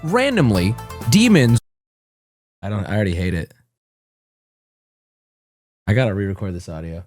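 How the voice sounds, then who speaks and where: A man streaming, chatting with viewers and rehearsing a trailer voice-over, drawing out words in a hammy, shouted announcer delivery and swearing as he jokes. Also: deep voice, fairly even intonation, a little fast, soft background music. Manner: joking, profane.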